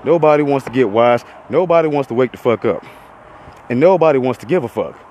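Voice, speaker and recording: A young man rants on his podcast, heated and profane, hammering the same points over and over. His pitch sits in a middle range for a man. Faint urban traffic hums behind him. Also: animated, brisk, a little mellow, poor audio. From Florida, USA. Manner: heated, profane, repetitive ranting. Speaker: podcast host. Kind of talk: profane rant monologue.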